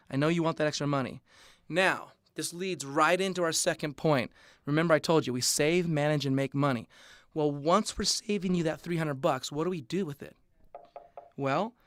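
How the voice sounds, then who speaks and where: A man's voice: a little high, no room sound, studio quality. A man giving an upbeat, conversational sales presentation, throwing rhetorical questions at his audience. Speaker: business opportunity presenter.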